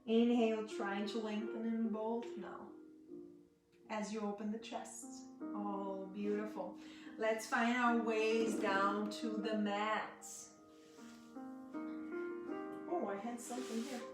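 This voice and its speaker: A woman with guides a gentle yoga class in an unhurried, high-ish voice, mixing breathing cues with friendly asides. She sits back from the mic in a very echoey room. Guitar music plays clearly underneath. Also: little pitch movement, recorded from a distance. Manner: soft, slow cueing with chatty asides to viewers. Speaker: yoga teacher.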